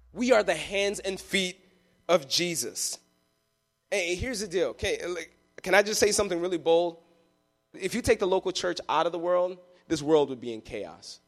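A man's voice: on the high side, a bit bright. A man preaching a live sermon in a church, passionate and emphatic, telling vivid stories to his congregation. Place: church sanctuary.

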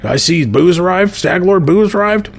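A squeaky, eager bandit lackey whines in a loud, high voice, as a game master puts him on. He pleads with his bosses in a thin tone. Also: animated, moderate pace, gravelly, faint music behind, heavily acted. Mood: whining.

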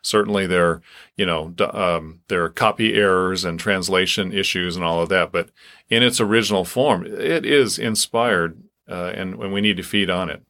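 A man co-hosting a faith podcast, speaking earnestly about scripture with halting restarts. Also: low voice, fairly bright tone. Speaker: podcast co-host. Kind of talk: casual Bible discussion.

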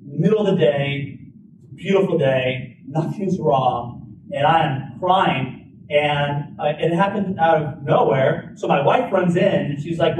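A man's voice: fairly high pitch, measured pace. Man telling a story in a roomy hall. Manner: informal, many "like" fillers and restarts, lively retelling. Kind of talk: personal storytelling talk. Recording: roomy, distant mic, faint background noise.

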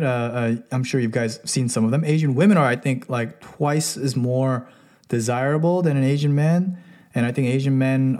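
A man's voice: medium pitch, darkish tone. A man delivering a casual opinion monologue as a commentator, emphatic and full of repeated "look" and "right?".

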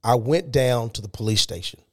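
A man tells his story as a podcast guest in a mid-range voice. He speaks with animated emphasis, building excitement as he goes. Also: mid-range voice, brisk. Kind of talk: storytelling interview.

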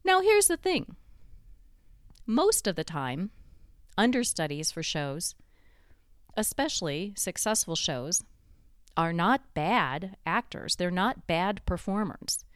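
A woman's voice: lowish voice, expressive, slow, no room sound, clean studio sound. A woman host telling a guided second-person story in a conversational way, drawing the listener into the scene.

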